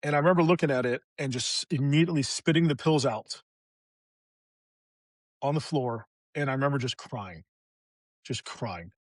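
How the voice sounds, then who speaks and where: A man's voice: mid-range voice, moderate pace, pauses often, no room sound. A middle-aged man, a veteran guest on a podcast, candidly recounting a hard personal story, raw and emotional, swearing freely.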